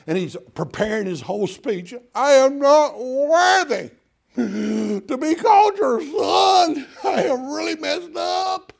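A man preaching a sermon as pastor, swinging from loud calls to hushed tones and repeating words in bursts. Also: high voice, gravelly, slightly rough.

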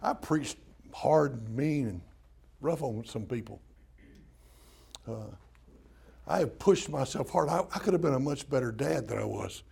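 A man's voice: mid-range voice, expressive, a little slow, vocal fry, pauses often, darkish tone, breathy edge. An older man preaching a folksy sermon, joking with the congregation and acting out prayers in mock-crying voices. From Southern US. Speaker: pastor.

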